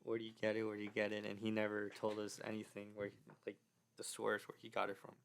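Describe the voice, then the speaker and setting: A man's voice: on the low side, completely flat delivery, fast talker, creaky. Young man telling a rambling story. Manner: loose storytelling with frequent fillers and restarts. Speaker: podcast co-host, designer. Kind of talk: casual chat.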